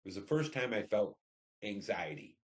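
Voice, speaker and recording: An older man in his seventies with a low, deep voice recalls his war service in a plain, unhurried telling. He acts out the lines of the people in his stories as he speaks. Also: expressive. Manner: plain storytelling, acts out dialogue. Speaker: Vietnam War veteran interviewee. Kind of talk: oral history interview.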